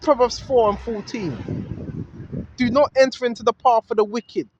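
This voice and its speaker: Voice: medium pitch, fairly even intonation, measured pace, highs cut off, slight background noise. A vlogger, talking outdoors on a street into a handheld phone. The talk is a repetitive, preachy monologue that quotes scripture and keeps asking "right?".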